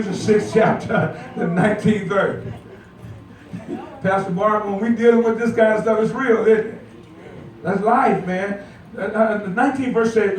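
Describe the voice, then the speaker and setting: An older man preaching a sermon as pastor, folksy and joking, calling out to the congregation for responses. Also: sits high. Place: church sanctuary. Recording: echoey church heard from far off.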